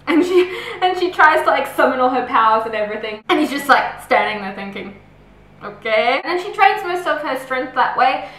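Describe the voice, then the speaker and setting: A chatty woman reviews a book with eager, gushing energy, bringing its scenes to life as she talks. Her voice sits high and sounds bright and forward. The recording carries a noticeable roomy echo. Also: expressive, fairly quick. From Australia. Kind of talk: casual book review chat. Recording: roomy echoey room.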